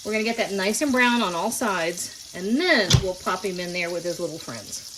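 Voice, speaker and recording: A woman's voice: mid-range voice, lively intonation, normal speed, background noise. A middle-aged woman, hosting a casual home cooking demonstration in her kitchen and chatting folksily straight to her viewers. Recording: kitchen sizzle and clatter behind voice.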